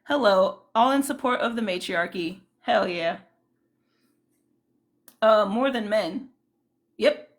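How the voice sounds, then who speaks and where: A woman's voice: medium pitch, slow, long pauses. Chatty woman greeting livestream viewers. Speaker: livestream host. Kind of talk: casual livestream chat.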